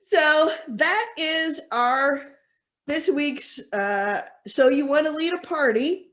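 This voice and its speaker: A woman's voice: sits high, expressive, takes it slowly, a bit bright. A young woman co-hosting a casual podcast, chatty and thoughtful, with many fillers. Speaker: co-host.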